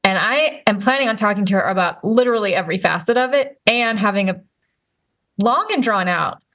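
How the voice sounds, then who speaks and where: A woman in her thirties hosts a podcast from her own room, apart from her co-host. She chats in a rambling, upbeat way and laughs a lot. Her voice sits at an ordinary middle pitch. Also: animated, brisk, fairly bright tone. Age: 30s. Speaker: podcast host and life and career coach. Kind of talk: chatty podcast talk. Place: recording remotely, not in the same room as her co-host.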